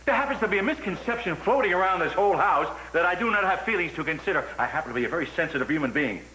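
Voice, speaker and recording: A pushy blustering patriarch. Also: male voice, sits high, expressive, slight background noise, poor audio. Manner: loud, demanding, quick to bluster. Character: blustering wealthy family patriarch, pushy and scheming. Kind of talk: television soap opera acting.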